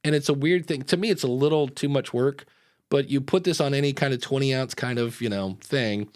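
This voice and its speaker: Slightly fast and medium in pitch, this relaxed male podcast host rambles through casual live-show chat, drifting into tangents and leaning on fillers. The close recording is dry, with no echo.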